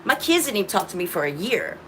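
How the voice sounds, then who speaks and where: A woman's voice: mid-range voice, big pitch swings, fast, fairly bright tone, a little hiss or hum. A woman with grown children hosting a casual livestream from her phone, rambling with many restarts and talking to viewers as y'all. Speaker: livestream host.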